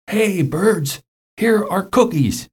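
A man's voice: on the low side, lively intonation, moderate pace, dark tone. A man reading aloud and voicing Frog, a friendly, sensible male frog in a storybook, who explains things earnestly and patiently. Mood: shouting.

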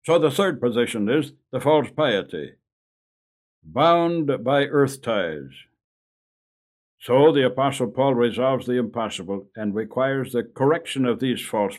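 An older man preaching an earnest sermon, slowing down for emphasis and dropping low and soft at the ends of lines. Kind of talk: radio sermon.

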